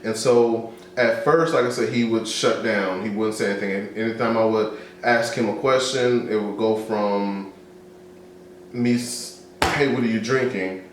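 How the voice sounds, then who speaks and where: A man's voice: on the low side, steady tone, normal speed. A man on a discussion show, candidly telling personal stories and acting out the other voices in them. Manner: candid, storytelling, acts out dialogue. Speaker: co-host. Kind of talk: casual discussion. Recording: echoey room with faint noise.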